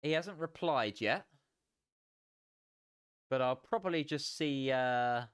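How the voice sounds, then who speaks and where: A tired young man chatting casually as a sim racing streamer, relaxed and rambling with frequent chuckles. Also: medium pitch, takes it slowly, clear, resonant tone, no room sound, clean studio sound. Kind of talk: casual live stream chat.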